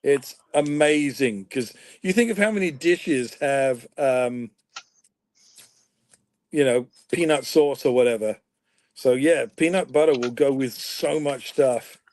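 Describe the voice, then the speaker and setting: A man from Canada chatting easily on a live stream, relaxed and often trailing off quietly. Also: mid-range voice, slow pace, no room sound, low-quality recording. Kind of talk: casual live-stream chat. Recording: dry close sound.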